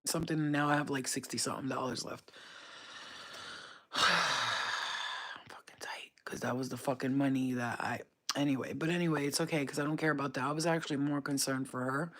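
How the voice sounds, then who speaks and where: A woman's voice: very deep voice, steady tone, normal speed, pauses often, fairly bright tone. A woman chatting casually on a live stream from her home at night, full of slang and swearing, slipping into cooing baby talk for her dog. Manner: profane, slangy street talk.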